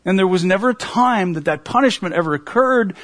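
A middle-aged man preaching a sermon, earnest and emotional, his voice climbing toward a near shout at the high points. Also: animated, a little fast. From United States. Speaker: pastor.

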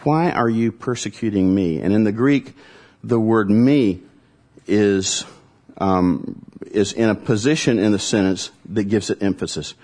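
A man preaching a conversational sermon, teaching with dramatic pauses and reading scripture aloud. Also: lowish voice, darkish tone. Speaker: pastor.

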